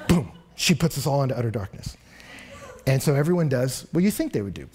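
A young man preaching a sermon from Texas, telling stories in an animated way and closing in prayer. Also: mid-range voice, moderate pace. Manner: animated storytelling, rising and louder in anecdotes.

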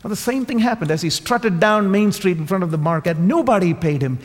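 Emphatic preacher in a reverberant hall. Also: male voice, high-pitched, expressive, brisk. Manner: emphatic, repeating key phrases. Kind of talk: sermon.

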